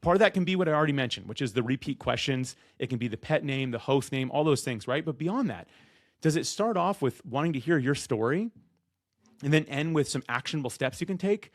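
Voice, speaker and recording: A man who talks loud and fast, coaching people on being podcast guests in an energetic, direct-to-camera way, often acting out what guests and hosts say. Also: mid-range voice, no echo, studio quality.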